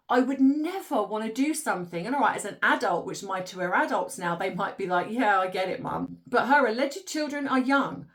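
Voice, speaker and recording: Exasperated woman ranting. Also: fairly high pitch. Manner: exasperated, ranty, laughs in disbelief. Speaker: commentary channel host. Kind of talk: opinionated commentary monologue.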